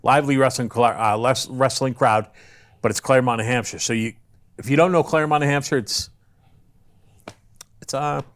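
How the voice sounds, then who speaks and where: A man's voice: mid-range voice, normal speed, pauses often. A man, a former wrestler, telling rambling stories with crude jokes as a guest on a casual podcast. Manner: rambling storyteller, crude joking, restarts often.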